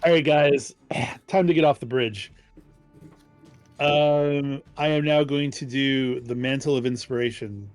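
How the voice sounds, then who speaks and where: A man playing a tabletop game counts out his moves and reads rule text aloud. His pitch is ordinary. Soft music plays in the background. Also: steady tone, a little slow. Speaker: player. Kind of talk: tabletop game chat, reading rules aloud.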